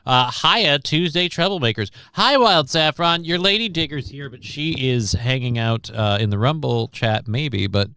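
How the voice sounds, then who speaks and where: A man's voice: medium pitch, bright, forceful tone, smooth, no room sound, clean studio sound. A tired man hosting a casual livestream, rambling and reading the chat aloud as he goes. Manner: rambling, self-interrupting, reads chat aloud. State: tired, short of breath. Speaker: livestream host.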